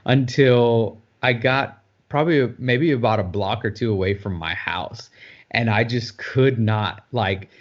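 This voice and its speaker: A man's voice: medium pitch, unhurried. Man telling a running story. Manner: storytelling, conversational with many fillers. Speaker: podcast co-host. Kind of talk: casual podcast chat. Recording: dull lo-fi sound.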